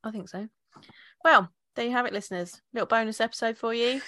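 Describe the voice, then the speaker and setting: A woman co-hosting a podcast, chatting casually and chiming in with quick agreement. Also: fairly high pitch, bright, forceful tone, no echo. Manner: quick agreeing interjections, laughs along. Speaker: podcast co-host. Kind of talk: casual chat.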